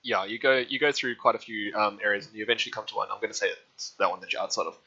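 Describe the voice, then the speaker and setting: Bright-voiced man narrating a tabletop game. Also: fairly low pitch, fairly even intonation, racing, husky, dull audio. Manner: casual, rambling narration with many fillers. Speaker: game master.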